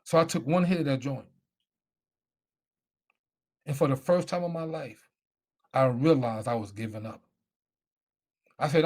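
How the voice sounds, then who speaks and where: A man's voice: medium pitch, measured pace, long pauses, darkish tone. A middle-aged man, a former football player, telling his life story as a guest speaker, emphatic and repeating himself. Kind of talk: personal storytelling.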